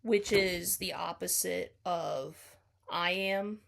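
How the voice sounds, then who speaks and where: This woman's voice sits on the low side, steady and slow with vocal fry, as she talks through a poem as a student. Her spoken analysis is casual and tentative, packed with ums, hedges and self-corrections.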